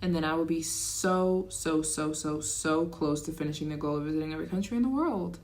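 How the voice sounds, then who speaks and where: Woman, travel livestreamer, casual rambling chat, a bit low-pitched, thanks donors. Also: brisk, darkish tone. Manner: chatty, reads donations aloud, rambling asides; slips into a put-on accent at times.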